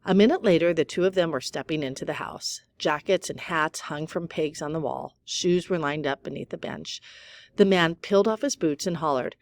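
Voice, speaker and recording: Woman reading a kids book out loud, calm, low-ish voice, little slips here and there. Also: normal speed. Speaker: audiobook reader. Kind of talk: reading a children's novel aloud.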